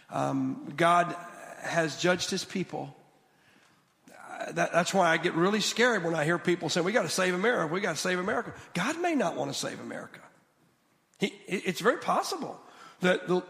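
A man preaching a sermon as a guest speaker in a church, animated and quick to restart his sentences. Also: sits high, creaky, in a large hall. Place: church sanctuary.

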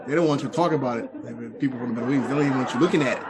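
A man doing stand-up comedy, animated and repetitive, talking straight to the audience. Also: mid-range voice, racing. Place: comedy stage. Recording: live show, faint crowd and noise.

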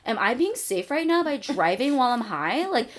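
A woman's voice: on the high side, normal speed. A young woman co-hosting a podcast, telling a story in a loose, chatty way. She peppers every sentence with fillers and acts out what she was thinking, her voice jumping up when she gets worked up. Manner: animated, frequent "like", acts out her own thoughts. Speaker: podcast co-host. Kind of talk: casual storytelling chat.

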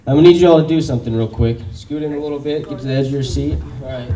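Hyped man pitching on stage. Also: rapid-fire, few pauses, dark tone, distant mic, a little hiss or hum, rough recording. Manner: hyped, rallying, crowd-engaging. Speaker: pitch presenter. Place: large event room in Austin.

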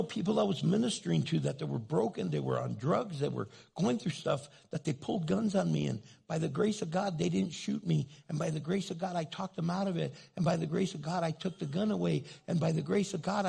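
A man preaching a sermon with a heavily gravelly, raspy voice. He tells stories on himself with a self-mocking tone and acts out short exchanges as he goes. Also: a little high, lively intonation, moderate pace, dark tone. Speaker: pastor.

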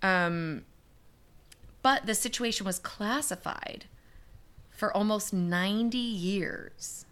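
A woman's voice: mid-range voice, slow pace, pauses often, a bit bright. A young woman co-hosting a podcast, casually recounting a disaster story with fillers and the odd curse word. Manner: chatty, swearing, many fillers. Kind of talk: casual chat.

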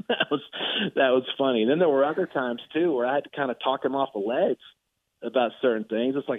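A sportswriter tells a story in a lively, chatty way, often stumbling and restarting. His voice comes over a tinny, phone-like line that strips out the lows and highs. The sound is dry, with no room echo. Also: fairly quick. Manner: animated, acts out quotes, frequent restarts and laughs. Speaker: sportswriter guest. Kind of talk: casual anecdote storytelling.

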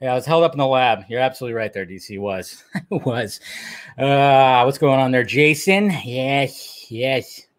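A man's voice: mid-range voice, a little slow. A man hosting a livestream in loose, casual chat, greeting viewers by name and swearing now and then. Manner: loose and chatty, reads out viewer names. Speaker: livestream host.

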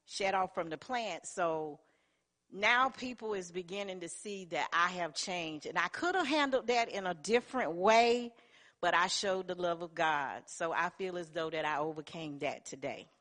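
A woman's voice: on the low side, lively intonation, normal speed, a bit bright. A middle-aged woman giving an earnest personal testimony in church, telling her story in plain colloquial speech.

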